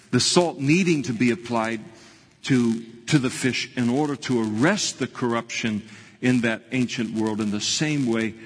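A man preaches with a husky edge, pressing his points and repeating key lines for emphasis. His slow, deliberate delivery rings out with a long reverb in a large church hall. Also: mid-range voice. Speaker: pastor. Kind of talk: sermon.

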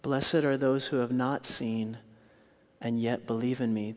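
A male pastor preaching a sermon, telling a story with dramatic shifts between loud outbursts and hushed, quiet lines. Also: medium pitch, measured pace. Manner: animated storytelling, acts out scenes with loud outbursts and hushed quotes. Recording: long hall reverb.

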